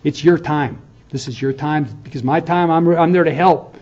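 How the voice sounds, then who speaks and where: Casting: professor in his fifties, slightly high voice, earnest lecture-hall talk, muffled lo-fi recording. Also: fairly even intonation, moderate pace, a little mellow. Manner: conversational, earnest, frequent "okay?" check-ins. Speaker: university professor. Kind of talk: farewell lecture to students.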